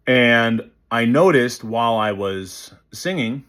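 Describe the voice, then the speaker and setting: A man teaching voice technique in a casual, animated way, who demonstrates sounds and sings short snippets. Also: medium pitch, slow pace, few pauses. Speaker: voice coach. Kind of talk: casual instructional talk.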